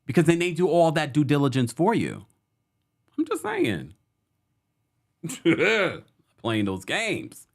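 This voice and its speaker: A man hosting a casual online talk show. He is talkative and laughs easily, and his pitch rises and falls freely as he shares opinions. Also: slow, vocal fry, pauses often. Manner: chatty, lively, laughs often. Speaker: host. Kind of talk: casual chat.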